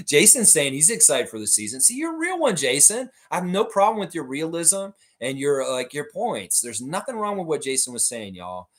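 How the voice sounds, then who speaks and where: A man hosts a live watchalong stream, casually reading chat messages aloud and riffing on them, laughing often and leaning on fillers like "in some ways" and "uh." His voice is on the high side, sing-song and fairly bright, at a moderate pace.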